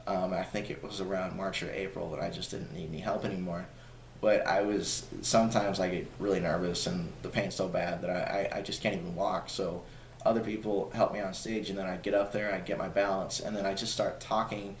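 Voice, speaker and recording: A man's voice: low-pitched, steady tone, a little fast. A man who does stand-up comedy, telling stories in a casual interview, rambling with many restarts and repeated words. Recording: echoey room with faint noise.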